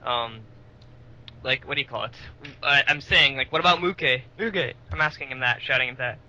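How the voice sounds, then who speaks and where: A man's voice: medium pitch, moderate pace, sharp tone, lo-fi sound. A man playing in a tabletop game over a voice call, rambling animatedly with many fillers. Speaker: player. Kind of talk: casual tabletop role-play chat. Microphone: online voice call.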